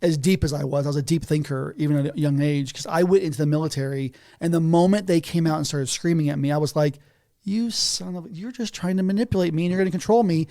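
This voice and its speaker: A man's voice: on the high side, fast talker. A man as a podcast guest in a house, telling stories animatedly and laughing between sentences. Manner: animated storytelling, often laughing mid-sentence. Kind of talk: casual conversation.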